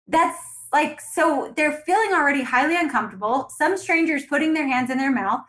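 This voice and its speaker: An upbeat woman with a fairly high voice speaks as a podcast guest, advising dental teams in a brisk, coaching way. She keeps slipping into little acted scenes of what to say to a patient. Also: low-quality recording. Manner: energetic, acts out dialogues with patients. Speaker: guest, dental practice consultant. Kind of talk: conversational podcast interview.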